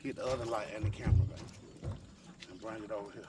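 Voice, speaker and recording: A man filming himself fishing, shouting excitedly and repeating short phrases as he lands a fish. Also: lowish voice, fast, far from the mic. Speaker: angler filming his catch. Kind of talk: excited outdoor fishing commentary. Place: outdoors on the water while fishing. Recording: noisy outdoor audio, mic away from the speaker.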